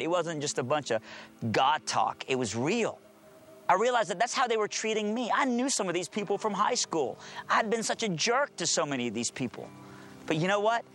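A man preaching with earnest, emphatic storytelling. His voice sits a little high. Faint music plays behind him. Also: a bit bright. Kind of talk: testimony and sermon.

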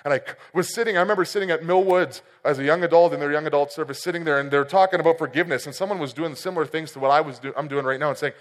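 A man's voice: fairly high pitch, very fast, hardly any pauses. Man preaching in a reverberant hall. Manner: personal storytelling with swings from loud to quiet. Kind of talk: sermon. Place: church hall.

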